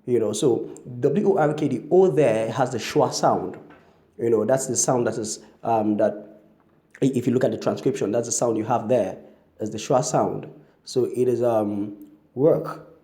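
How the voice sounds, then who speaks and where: A man's voice: mid-range voice, moderate pace, warm tone. A man giving a spoken English pronunciation lesson, spelling words out letter by letter with frequent "you know" and "um". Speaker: pronunciation teacher.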